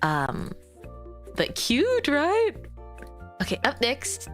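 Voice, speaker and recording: A woman's voice: on the high side, big pitch swings, measured pace, fairly bright tone. A woman streaming from home, chatting casually to her viewers in a bubbly, giggly way that rambles from one thing to the next. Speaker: VTuber streamer. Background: faint background music.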